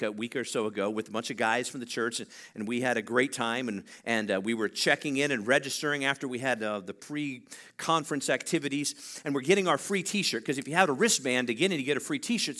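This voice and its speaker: A man preaching a sermon, his voice high and bright. He stretches words out for emphasis and calls on the congregation to read along with him. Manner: animated, drawn-out emphasis, congregational call-and-response. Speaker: pastor.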